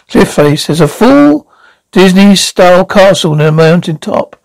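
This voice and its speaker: Man reading stage directions, gravelly. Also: high-pitched, sing-song, measured pace, no room sound, low-quality recording. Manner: plain reading with slips and restarts. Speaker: reader.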